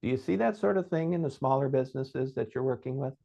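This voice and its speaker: A man's voice: mid-range voice, quick pace, vocal fry, warm tone. A male host with a mid-range voice speaks in an interview, conversational and affirming. His audio sounds a little dull and muffled. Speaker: podcast host, vocal coach.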